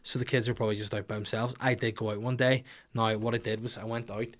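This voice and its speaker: A man's voice: fairly low pitch, flat delivery, fast talker. A young man hosting a comedy podcast, swearing freely and acting out little scenes as he rants. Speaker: podcast host.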